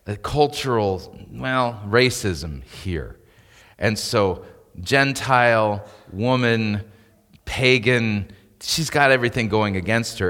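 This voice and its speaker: A man's voice: on the low side, a bit bright. Man preaching in a reverberant church. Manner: conversational preaching, rising to emphatic peaks. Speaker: pastor. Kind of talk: sermon.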